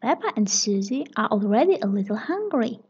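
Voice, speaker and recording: A woman reading a children's story aloud, slow, clear and expressive, with a breathy voice, on a dull lo-fi recording. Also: on the high side. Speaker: read-aloud narrator.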